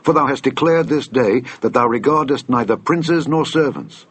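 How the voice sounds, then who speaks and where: A man reading a stern old-world army captain who scolds his grieving king with forceful, husky insistence. It is an old scripture reading, delivered in measured tones. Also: mid-range voice, no echo, pitched above the performer's own voice, close to an everyday voice.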